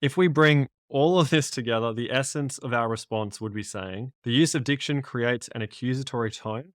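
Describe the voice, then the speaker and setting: A man's voice: medium pitch, no room sound, clean studio sound. Methodical man teaching a lesson. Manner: methodical, recaps and signposts each step. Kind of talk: lesson explaining exam concepts.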